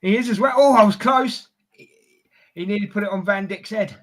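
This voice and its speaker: Lively London-accented man, high voice. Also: a little fast. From Scotland. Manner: chatty, reads out viewer messages. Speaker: co-host of a football watchalong. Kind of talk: live football watchalong chat.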